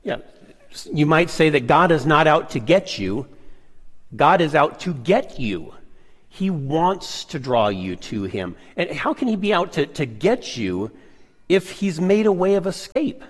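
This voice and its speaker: A man co-presenting a Bible lesson, affirming his partner and reading scripture deliberately. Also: fairly high pitch, sing-song, big-room sound. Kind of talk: sermon-style Bible study.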